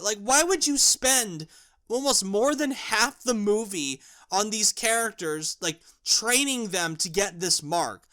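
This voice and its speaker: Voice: medium pitch, expressive, measured pace, sharp tone. A film reviewer ranting with exasperation and profanity, repeating words and restarting lines when worked up.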